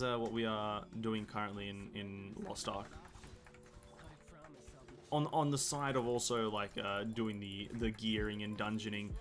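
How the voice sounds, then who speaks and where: A man's voice: medium pitch, a bit bright. A man chatting casually on a game live stream, rambling, correcting himself and reading chat aloud. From Australia. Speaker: gaming streamer.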